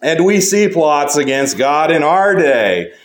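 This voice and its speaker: A male pastor preaching a sermon, measured, rising to emphatic points and dropping low and slow to drive conclusions home. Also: very animated.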